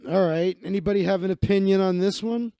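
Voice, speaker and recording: A man's voice: high-pitched, steady tone, quick pace, dark tone, clean tone, no room sound, studio quality. A man hosting a casual livestream, chatting in a rambling, profane and offhand way as he reads through his social feed. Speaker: livestream host.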